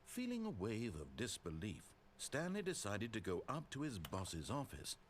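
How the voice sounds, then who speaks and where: A man's voice: fairly low pitch, wildly swooping pitch, moderate pace, slight background noise. A man voicing a wry, all-knowing game narrator, telling the story with drama and dry sarcasm. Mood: dramatic.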